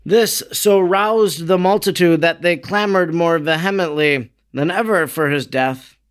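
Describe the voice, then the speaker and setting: A man's voice: on the high side, a little slow, smooth. A man reading a devotional narrative aloud in a solemn, dramatic manner, raising his voice for quoted lines. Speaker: reader.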